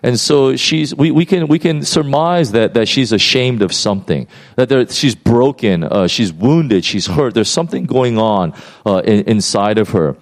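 A man preaching a sermon, retelling a Bible story in a lively, conversational way with many fillers and restarts. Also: medium pitch, normal speed. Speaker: pastor.

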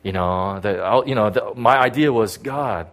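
A middle-aged man, a pastor, giving a personal testimony in a sermon. He talks haltingly, repeating words and filling with "you know.". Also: on the low side, a bit bright.

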